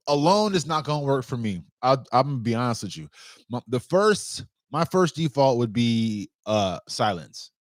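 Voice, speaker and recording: A young man talks loosely to his camera and curses without a second thought. His pitch swings up and down a lot as he rambles. The sound is dry and close, with no room echo. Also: moderate pace. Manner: loose, animated, swears freely. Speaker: outdoor vlogger. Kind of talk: casual chat to camera.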